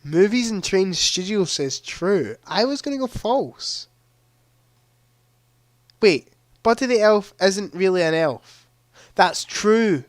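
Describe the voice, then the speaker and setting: A man's voice: sits high, lively intonation, slow, long pauses, dry recording, clean studio sound. A young man hosting a live-streamed quiz, chatting casually into a headset mic and reading questions aloud with a ready laugh. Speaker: livestream quiz host.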